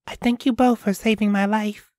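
A man voicing a shy, earnest young girl in a storybook reading, soft and polite. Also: sits high, level tone, moderate pace, no room sound, studio quality, voice pushed up, close to an everyday voice. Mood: grateful.

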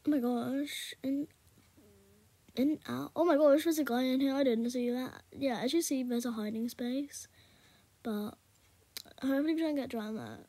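A British woman chatting to viewers over her gameplay, often in a hushed half-whisper. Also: high-pitched, normal speed, long pauses, dry recording. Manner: rambling and chatty, talking to viewers. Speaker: gaming YouTuber. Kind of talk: casual gameplay commentary.

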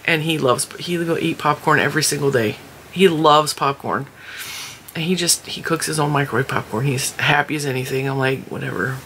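A woman's voice: low-pitched, normal speed, fairly bright tone, slight background noise. A woman vlogger chatting casually to the camera at home, telling family stories with lots of laughter, tired and yawning. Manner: chatty storyteller, laughs often. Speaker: crochet vlogger.

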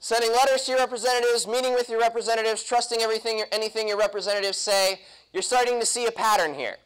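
Speaking to a live audience in a convention hall, a young man gives a punchy political talk and quizzes the crowd with questions. His voice is extremely high, fairly bright, and clean, though the recording is low quality.

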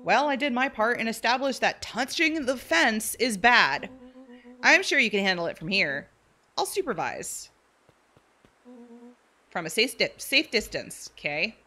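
A woman's voice: on the high side, big pitch swings, a little slow, long pauses, pushed and bright, exaggerated voice. A woman voicing a cocky, teasing boy sidekick in a story game. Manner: boastful and teasing.

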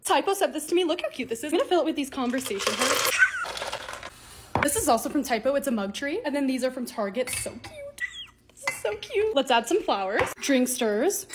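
A woman's voice: high-pitched, background noise. A young woman in her twenties giving gushing, upbeat chatter as a lifestyle vlogger, narrating her home and hauls. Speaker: lifestyle content creator. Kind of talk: casual vlog voice-over. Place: home rooms.

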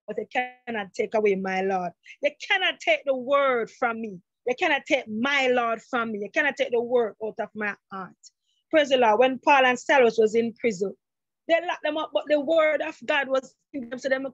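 Middle-aged woman, fervent church exhortation, higher breathy voice, dull muffled sound. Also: no echo. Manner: fervent, repeats "praise the Lord" and "brethren". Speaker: church member giving a testimony. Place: church sanctuary.

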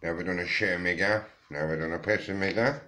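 Sleepy, low-voiced man rambling. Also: quick pace, sharp tone. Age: 30s. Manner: loose, swearing, slangy, addresses viewers as guys and mate. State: just woken up, sleepy. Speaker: vlogger. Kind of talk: rambling casual morning chat.

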